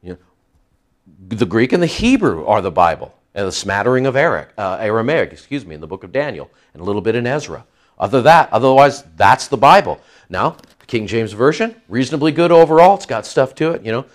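A man preaching a sermon to his congregation, teaching from the Bible with emphatic, animated delivery and frequent restarts. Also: mid-range voice, a little fast. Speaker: pastor.

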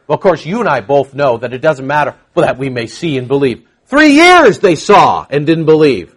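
Animated male preacher teaching scripture. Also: on the high side, moderate pace. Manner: animated, acts out scripture dialogue, frequent fillers. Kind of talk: expository sermon.

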